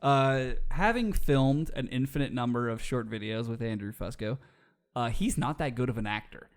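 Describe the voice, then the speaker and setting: A man's voice: medium pitch, lively intonation, moderate pace. A man co-hosting a casual podcast, joking, swearing and laughing a lot. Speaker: podcast co-host. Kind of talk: casual banter.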